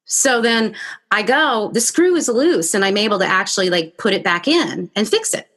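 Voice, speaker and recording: A woman hosting a podcast interview, telling a story in a lively conversational way and acting out her own reactions. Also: mid-range voice, normal speed. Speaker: podcast host.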